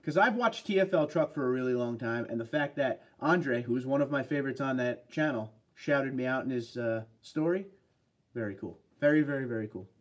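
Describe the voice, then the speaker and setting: A man's voice: medium pitch, brisk. A man hosting a casual livestream, chatting upbeat and rambling as he reads out viewer comments. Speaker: livestream host.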